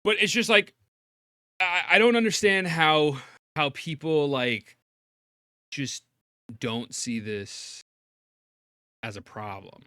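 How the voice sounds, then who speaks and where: A man hosting a stream, reacting in heated commentary with profane ranting that climbs toward shouting. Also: fairly high pitch, slow pace, pauses often, no echo, studio quality. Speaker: streamer host.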